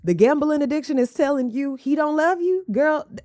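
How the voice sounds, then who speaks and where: A woman's voice: sits high, expressive, fairly quick, mellow. A woman hosting a reaction video, giving sassy, mocking asides in casual commentary. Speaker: host reacting to a clip.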